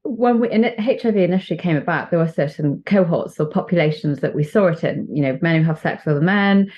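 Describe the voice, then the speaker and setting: A woman from the UK, a doctor chatting as an interview guest with lots of fillers and restarts. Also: fairly quick. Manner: chatty, many fillers and restarts, lively pitch jumps. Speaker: guest, HIV and sexual health doctor. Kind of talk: casual interview chat. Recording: muffled lo-fi audio.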